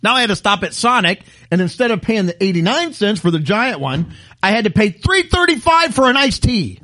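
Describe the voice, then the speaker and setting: Animated man ranting. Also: high-pitched, fairly quick, no echo. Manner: animated ranting, mock outrage. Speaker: podcast co-host. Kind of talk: casual chat.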